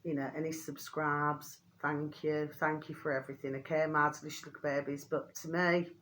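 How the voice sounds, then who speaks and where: A woman's voice: level tone, moderate pace, fairly bright tone, a little hiss or hum. A woman hosts a rambling vlog, talking straight to her viewers. She heaps endearments on them, swears mildly, and her voice rises sharply when she gets worked up. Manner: rambling, keeps calling viewers "my delicious little babies"; mild euphemistic swearing, pitch climbs when indignant. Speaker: channel host.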